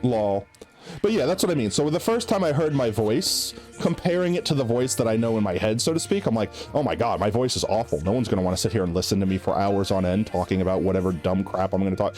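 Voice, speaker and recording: A man's voice: medium pitch, animated, fast, darkish tone, faint music behind. A male live streamer with a nasal voice, chatting casually and rambling with lots of "like" and "right?" while he plays. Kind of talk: casual chat while gaming.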